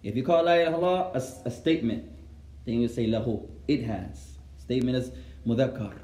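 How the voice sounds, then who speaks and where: Man slowly dictating a lesson in an echoey room. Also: medium pitch, dark tone. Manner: repeats each phrase slowly for students to write down; translates line by line, patient and instructive. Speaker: teacher. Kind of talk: classroom lesson, dictating for memorisation.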